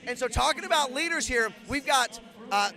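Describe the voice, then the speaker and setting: Bright high-voiced male commentator. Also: lively intonation, moderate pace. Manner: rambling storyteller, many restarts. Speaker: event commentator. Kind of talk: live sports commentary.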